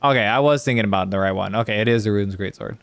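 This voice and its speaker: A man's voice: fairly low pitch, rapid-fire, clean tone, no echo. Sweary man chatting while gaming. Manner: rambling, sweary, talks to chat while playing. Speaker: streamer. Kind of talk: casual gameplay chat.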